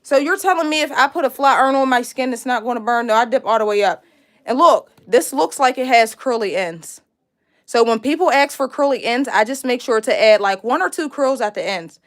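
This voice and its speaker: A young woman from Pittsburgh with a high, bright-toned voice runs a casual live braiding lesson. She chats freely with her viewers, reads their comments aloud and laughs easily as she works. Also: lively intonation, a little fast. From Pittsburgh, USA. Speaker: braiding instructor hosting a live stream. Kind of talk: casual live-stream tutorial.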